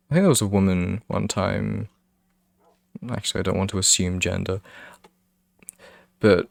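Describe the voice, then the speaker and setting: A man's voice: fairly low pitch, creaky, dry recording. A young man with a British accent, a streamer chatting casually and rambling with his viewers. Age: young adult. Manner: rambling, self-interrupting, laughs often.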